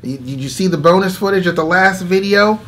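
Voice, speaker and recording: A man's voice: high-pitched, a little fast, a bit bright. A man hosting a casual faith talk, telling a story animatedly, acting out inner dialogue and laughing often between phrases. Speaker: host. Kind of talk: casual spoken testimony.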